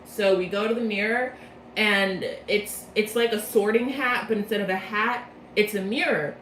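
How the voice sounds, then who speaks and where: A woman's voice: medium pitch, normal speed, a bit bright. A woman giving a rambling, self-mocking comedic recap of a game's plot, recorded in a roomy space. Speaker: video creator. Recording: roomy echo, faint noise.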